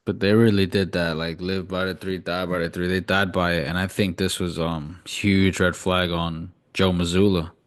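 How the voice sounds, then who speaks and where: A man's voice: deep voice, flat delivery, normal speed, few pauses. A young man co-hosting a casual sports podcast, talking bluntly and swearing freely. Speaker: podcast co-host.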